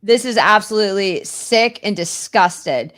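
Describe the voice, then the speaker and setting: A woman's voice: mid-range voice, unhurried, a bit bright. An upset woman hosting a live show, ranting with passionate indignation and repeating herself. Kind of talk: live-stream rant.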